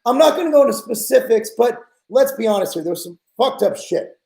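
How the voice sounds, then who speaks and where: A man's voice: very high voice, expressive, brisk, gravelly, mellow, reverberant, poor audio. A man in his forties hosting a podcast, ranting bluntly and with exasperation in casual talk. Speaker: podcast host.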